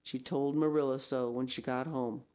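A woman reading a novel aloud in a measured storytelling manner with expressive emphasis. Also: very deep voice. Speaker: reader.

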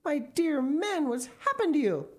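A woman voicing a frightened tiny wife whose arms have turned to duck wings, with shrill, sobbing cries. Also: huge pitch swings, normal speed, heavily acted. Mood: panicked.

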